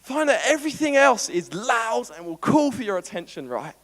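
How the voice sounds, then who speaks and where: High-voiced Australian pastor preaching. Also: male voice, normal speed. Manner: animated, playful, acts out everyday scenes. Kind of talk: sermon. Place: church auditorium. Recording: long church hall reverb.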